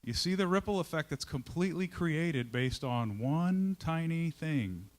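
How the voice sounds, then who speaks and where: A man giving a storytelling talk to a live audience as a company leader, lively and conversational, checking in with his listeners and acting out his own inner voice. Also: on the high side, unhurried.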